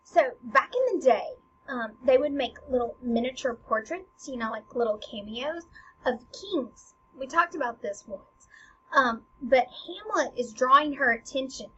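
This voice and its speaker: A woman teacher talks casually and lively, with a high voice. The sound is a little dull and has a faint hiss behind it. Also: unhurried. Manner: lively, casual, with fillers and acted quotes. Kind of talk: lesson explaining a play.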